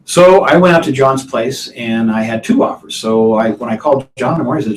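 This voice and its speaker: Telling a folksy story in a live online class, a male real estate instructor chuckles often and peppers his speech with "you know" and "uh." His mid-range voice is brisk with few pauses, and the computer mic on the video call gives poor audio with an echoey room and a little hiss or hum.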